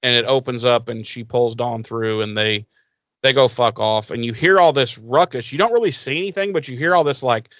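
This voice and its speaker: A man co-hosting a TV recap podcast, talking casually with sarcasm and profanity and acting out characters in quick voices. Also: mid-range voice, fairly bright tone, no echo. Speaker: podcast co-host.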